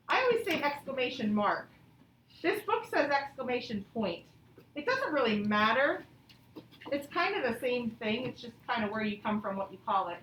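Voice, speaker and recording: High-voiced woman as a classroom teacher: encouraging, hams up example sentences. Echoey classroom recording, mic at a distance. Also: a bit bright, a little hiss or hum. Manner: encouraging, thanks each pupil; reads example sentences with exaggerated expression. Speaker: elementary school teacher. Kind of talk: classroom grammar lesson. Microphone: distant mic in the room.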